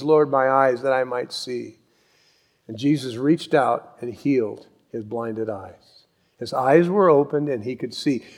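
A man preaching a sermon, telling Bible stories with animated acted-out voices. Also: fairly high pitch. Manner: animated storytelling, acts out voices and yells. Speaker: pastor.

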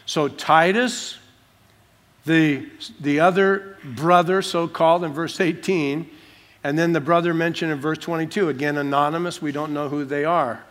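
Man preaching in a church, emphatic, repeats lines for stress, fairly high voice. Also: fairly even intonation, normal speed, a bit bright. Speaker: pastor. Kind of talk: sermon explaining a Bible passage verse by verse. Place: church sanctuary.

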